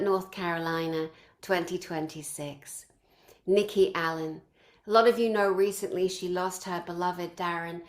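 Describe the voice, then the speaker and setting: A woman organizing a conference, introducing its speakers one by one and piling up effusive praise in long lists. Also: fairly low pitch.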